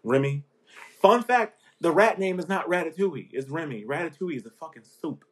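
A man's voice: a little high, expressive, a little fast, slightly rough. A man hosting his own podcast, chatting casually and animatedly, laughing often and slipping into playful voices, sounding a little sniffly. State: sniffly, a bit congested. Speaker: podcast host. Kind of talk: casual chat.

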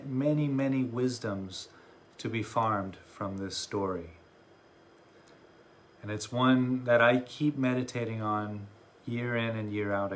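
A man's voice: on the low side, slight background noise. Reflective man giving a dharma talk. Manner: reflective storytelling with many pauses. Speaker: meditation teacher.

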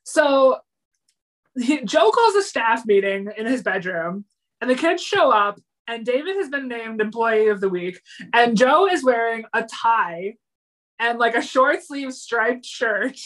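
A woman co-hosting a podcast, retelling a TV episode in an animated, chatty way and slipping into the characters' lines. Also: a little high, measured pace. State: yawning, a little tired. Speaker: podcast co-host. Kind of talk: casual chat recapping a TV episode.

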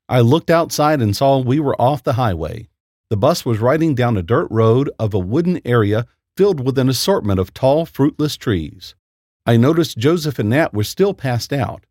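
A man narrating a first-person horror story in a lively, expressive storytelling voice. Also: medium pitch, dry recording, studio quality. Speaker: story reader.

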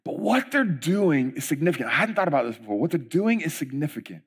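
A middle-aged man preaching a sermon as pastor, conversational and animated, with frequent asides. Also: on the high side, fast, breathy edge.

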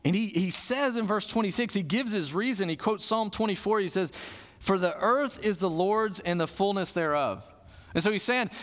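A man's voice: high voice, fairly bright tone. A male pastor preaching a conversational sermon, asking questions and answering them himself. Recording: long hall reverb.

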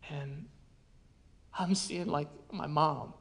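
A man preaching a sermon as a pastor, telling a personal story in an earnest way and often dropping to a hushed voice. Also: on the high side, drawn-out words, gravelly.

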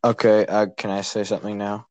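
A teenage boy in middle school, chatting on a podcast and cracking goofy deadpan jokes. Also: lowish voice, a little fast. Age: teens. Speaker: podcast co-host. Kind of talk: casual chat.

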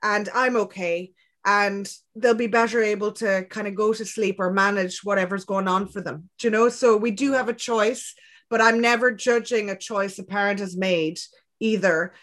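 A woman talking as a podcast guest, relaxed and conversational, with a gentle, reflective manner and plenty of soft fillers. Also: medium pitch, moderate pace. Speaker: guest, clinical psychologist. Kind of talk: casual conversation.

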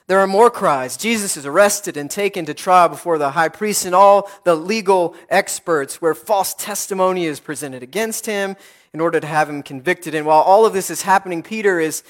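A man as pastor, preaching a sermon in an earnest, rhythmic way with repeated phrases and dramatic pauses. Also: high voice.

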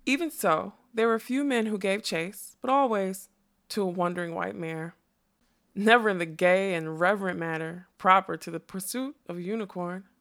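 A woman reads a fantasy story aloud in a soft, measured way. Her voice sits at a middling pitch. The delivery is calm audiobook narration.

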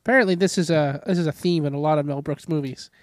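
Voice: mid-range voice, fast talker, dry recording, clean studio sound. A podcast co-host adding short, casual comments to a film recap. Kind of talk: casual chat.

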